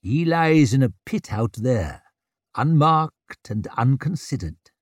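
A cold, proud old wizard, talking slow and heavy with a husky grain, as a male narrator plays him. His lines land weighty and stern, close and dry. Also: medium pitch, lively intonation, no echo.

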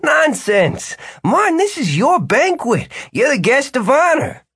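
A man's voice: extremely high pitch, huge pitch swings, a little slow, fairly bright tone, dry recording, studio quality, pitched above the performer's own voice, exaggerated voice. A man voicing a jovial, commanding wizard who hosts a banquet, with a theatrical manner. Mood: welcoming. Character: jovial grand adult male wizard host.

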